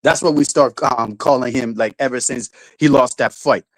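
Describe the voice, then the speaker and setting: A man's voice: mid-range voice, normal speed, dry recording, low-quality recording. A man hosting his livestream in casual chat, irritated, swearing constantly and ranting in restarts. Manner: swears constantly, rants and restarts, raises voice when angry. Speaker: livestream host.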